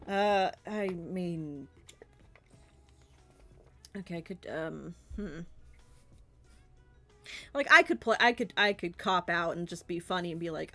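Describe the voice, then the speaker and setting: A woman's voice: on the low side, takes it slowly, pauses often, bright, forceful tone, faint music behind. A woman with a Southern US accent, a streamer chatting casually and rambling with lots of fillers and giggles during a Q&A. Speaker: streamer and artist.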